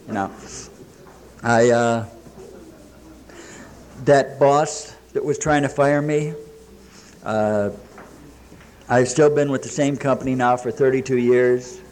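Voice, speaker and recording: Speaking slowly with long pauses, a man shares his recovery story at a meeting before a live audience. His mid-range voice is steady and darkish, the talk plain and full of quoted dialogue and dry jokes, with slight background noise.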